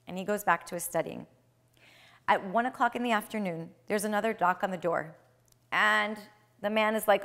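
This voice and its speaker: A woman retelling a traditional tale aloud, with swings in loudness and slowed, dramatic phrases. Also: mid-range voice. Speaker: storyteller.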